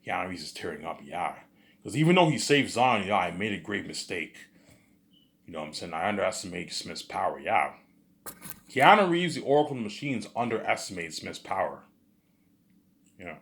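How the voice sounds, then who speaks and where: A man's voice: sits low, sing-song, moderate pace, gravelly, pauses often, a bit bright. A man talking in a rambling monologue, full of repeated words and filler phrases. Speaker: vlogger.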